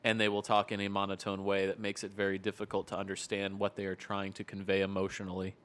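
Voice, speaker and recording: Lower-voiced man explaining things plainly. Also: monotone, quick pace, a bit bright. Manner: explanatory, laughs easily. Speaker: behavioral therapist, podcast co-host. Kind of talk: casual podcast chat.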